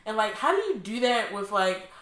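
A woman's voice: mid-range voice, big pitch swings, normal speed, fairly bright tone. A woman talking casually and reflectively, rambling as she searches for her words. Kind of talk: casual chat. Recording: echoey room.

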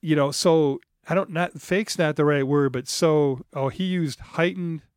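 A man co-hosting a casual film podcast, enthusiastic and quick to laugh. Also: on the high side, smooth, no echo, clean studio sound. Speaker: podcast co-host.

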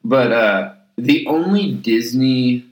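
A man's voice: mid-range voice, animated, takes it slowly. Man teasing dryly in an echoey room. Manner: dry, teasing banter. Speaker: pastor and podcast co-host. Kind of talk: casual chat. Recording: roomy echo.

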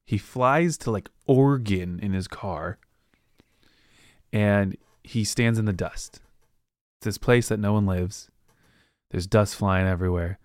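Male podcast host, low voice, dry close sound, loose rambling book chat. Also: darkish tone, smooth, dry recording. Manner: rambling, acts out characters with quick voices. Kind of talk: casual book recap monologue.

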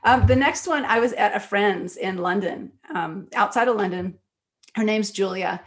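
Animated woman telling stories. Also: medium pitch. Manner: animated, quick storyteller with frequent fillers. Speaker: guest author and screenwriter. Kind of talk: conversational interview storytelling.

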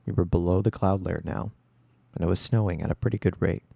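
A man reading a first-person story aloud in a steady storytelling voice. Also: sits low, quick pace, vocal fry, no room sound, highs cut off. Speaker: audiobook reader.

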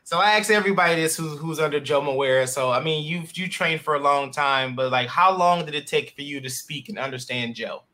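Young male podcast host, bright and sharp tone, loose and easygoing. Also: fairly high pitch, fairly quick, few pauses. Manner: relaxed, many fillers. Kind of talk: casual interview chat.

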